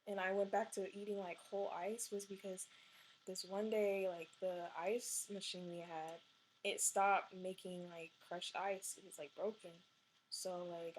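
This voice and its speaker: A young adult woman telling a personal story in a casual, animated way, full of "like" and "you know" and the odd swear word. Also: mid-range voice, a little hiss or hum. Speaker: vlogger.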